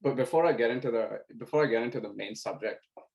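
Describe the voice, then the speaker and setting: A young man co-hosting a casual podcast over a video call, excitable and joking, swearing often. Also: mid-range voice, fast talker, vocal fry, low-quality recording. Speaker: podcast co-host.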